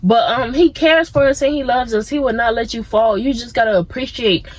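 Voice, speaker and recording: Her voice sits fairly high with a darkish tone, and she talks fairly quickly. The young woman is vlogging outside among plants, giving easygoing motivational talk that strays into tangents, captured in a low-quality recording.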